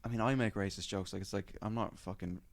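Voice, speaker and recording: Brief: young male comic, lowish voice, rambling sweary anecdote style. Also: steady tone, quick pace, no room sound. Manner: rambling, sweary, lots of fillers. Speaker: comedian podcast co-host. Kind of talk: casual storytelling chat.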